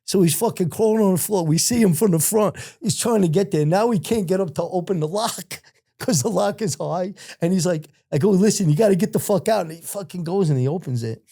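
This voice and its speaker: An older man, a podcast guest, telling old crime stories in casual, profane talk and acting out the voices of others. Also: fairly high pitch. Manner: profane, animated, acts out other people's voices. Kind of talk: casual storytelling.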